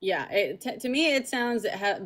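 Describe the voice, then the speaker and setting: A woman's voice: on the high side, lively intonation, moderate pace, fairly bright tone. A woman from Spain with a Spanish accent, hosting a heated online debate and pressing the other side with repeated questions. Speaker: streamer debating callers.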